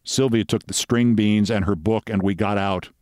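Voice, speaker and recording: A man hosting, giving a measured, wry reading of a short crime story aloud. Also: lowish voice, fairly even intonation, a little mellow, no echo, clean studio sound.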